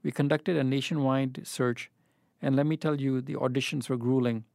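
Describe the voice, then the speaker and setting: A man's voice: medium pitch, flat delivery, moderate pace, vocal fry, a little mellow, dry recording, lightly acted. A brash woman raising a joking toast at a party, voiced by a man reading a story. Her delivery is theatrical. The sound is dry, with no room.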